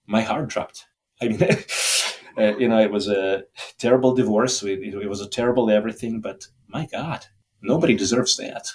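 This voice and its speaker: A man's voice: lowish voice, moderate pace. A middle-aged man, a holistic doctor guesting on a podcast, talking in a reflective, emotional way with frequent restarts. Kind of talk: candid interview talk.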